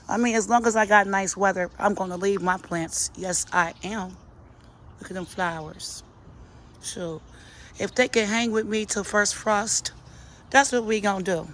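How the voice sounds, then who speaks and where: A woman's voice: mid-range voice, a little slow, a bit bright, a little hiss or hum. A middle-aged woman, chatting sassily to her plants and viewers while she walks through her outdoor garden on a phone camera. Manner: chatty, sassy, talks to herself and her plants. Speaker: gardening vlogger. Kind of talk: casual garden tour chat.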